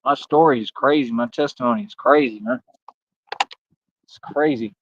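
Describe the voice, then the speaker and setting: A man's voice: mid-range voice, moderate pace, muffled recording, a little hiss or hum. A man in a casual livestream rant, using street slang, repeating himself and talking straight to his viewers. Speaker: livestream host.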